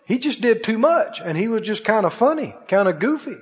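A man's voice: high-pitched, sing-song, fairly quick, long reverb tail, highs cut off. A man preaching a sermon, telling a story and acting out both sides of the dialogue, building to emphatic peaks. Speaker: pastor. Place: church sanctuary. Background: congregation calling out amens.

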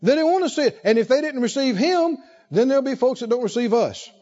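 A man preaching a sermon with animated, rhythmic repetition and emphatic phrasing. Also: very high voice, fast talker, highs cut off.

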